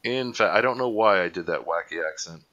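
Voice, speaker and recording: A man hosts a live online chat show, rambling and cracking jokes at his own expense. His voice is bright and forceful. The audio is a bit dull and lo-fi, like a home livestream. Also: low-pitched, brisk. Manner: rambling, jokey, self-mocking. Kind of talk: casual chat.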